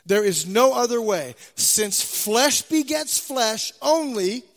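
A man preaching a sermon, emphatic, repeating key phrases and swinging from loud declarations to soft, low endings. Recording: hall reverb.

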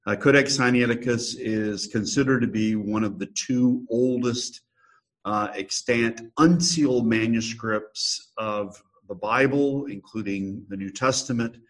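A man, a pastor, giving a measured podcast monologue with frequent hesitations. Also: mid-range voice, low-quality recording.

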